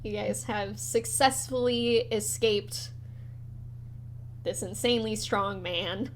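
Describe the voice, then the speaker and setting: A woman narrating as game master of a tabletop horror game, animated and quick to swear. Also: medium pitch, a little hiss or hum.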